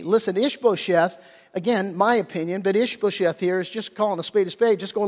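High-voiced pastor preaching in a reverberant hall. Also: male voice, steady tone, moderate pace. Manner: casual, conversational preaching with slangy paraphrases; frequent throat clearing. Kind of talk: sermon.

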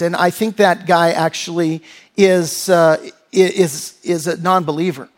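High-voiced man preaching a sermon. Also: steady tone, measured pace. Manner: earnest, conversational preaching with frequent restarts and fillers. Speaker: pastor.

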